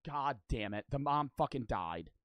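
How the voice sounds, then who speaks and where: A young man streaming his reactions to a video, joking loudly and swearing, breaking into laughs and shouts. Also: medium pitch, expressive, normal speed, very noisy. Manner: loud, profane, joking, bursts into shouts and laughs. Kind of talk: casual reaction commentary.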